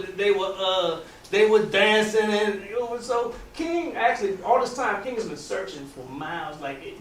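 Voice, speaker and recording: A man casually telling a long story aloud, rambling with many restarts and loose grammar. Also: high voice. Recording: roomy, distant, faint background noise.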